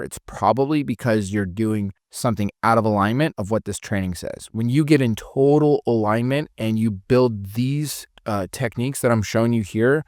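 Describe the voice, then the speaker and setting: A man's voice: mid-range voice, moderate pace, hardly any pauses, dry recording, clean studio sound. A man giving a casual spoken sales training lesson, often restarting phrases and demonstrating intonation.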